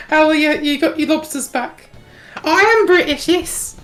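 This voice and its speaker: A woman's voice: high voice, measured pace, fairly bright tone, faint music behind. A woman with a mixed Yorkshire and South African accent, co-casting a live game tournament, giggling and rambling as she loses her words. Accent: mix of Yorkshire and South African. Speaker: tournament co-caster.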